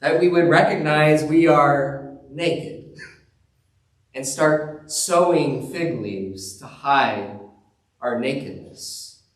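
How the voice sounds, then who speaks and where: A male pastor giving a sermon in a relaxed, conversational storytelling way, with chuckles along the way. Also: a little high, takes it slowly. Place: church sanctuary. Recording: roomy church sound from a distance.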